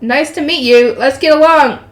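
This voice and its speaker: A woman's voice: high-pitched, normal speed, lightly acted. A woman voicing a perky young female guide with an odd, cutesy, sing-song way of talking. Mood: chirpy. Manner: chirpy, sing-song, teasing. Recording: roomy echo.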